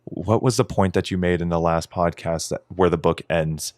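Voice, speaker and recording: A man co-hosting a podcast in casual chat, animated and swearing freely, often mimicking others in a raised voice. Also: sits low, normal speed, dry recording, studio quality. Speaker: podcast co-host.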